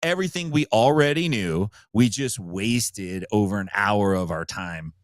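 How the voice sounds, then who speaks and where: A man's voice: fairly low pitch, animated, unhurried, no echo. A man co-hosting a casual podcast, blunt and mocking, laughing often. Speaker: podcast co-host.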